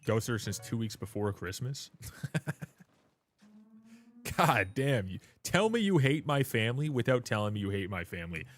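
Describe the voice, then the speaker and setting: A man's voice: mid-range voice, sing-song, unhurried, pauses often. A man of twenty-seven, hosting a livestream, chatting casually in a joking, rambling, self-mocking way. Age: 20s. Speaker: livestream host.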